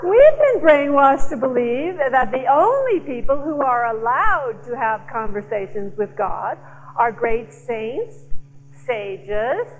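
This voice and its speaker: A woman speaker giving a slow, emphatic inspirational talk to a church audience, teasing the crowd now and then. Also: high-pitched, very animated, dull audio, soft background music. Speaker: guest speaker.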